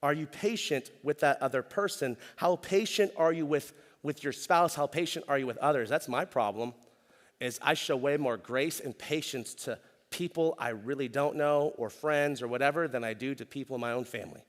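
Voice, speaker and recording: A middle-aged man, preaching a conversational sermon as pastor and telling stories in animated slang. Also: medium pitch, moderate pace, long reverb tail. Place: church stage.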